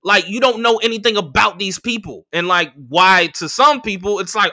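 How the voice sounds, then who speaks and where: A man's voice: high-pitched, lively intonation, brisk, hardly any pauses, bright, forceful tone. A man, hosting a podcast and telling a story in a casual, profane rant, acting out the people he quotes. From United States. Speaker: podcast host and comedian.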